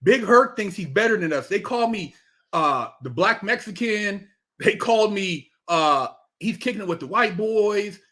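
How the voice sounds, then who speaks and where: Middle-aged guy, really high voice for a man, swears constantly, acts out every quote. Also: measured pace. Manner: animated, emphatic, heavy swearing, acts out quotes. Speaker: podcast guest. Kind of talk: casual chat, storytelling.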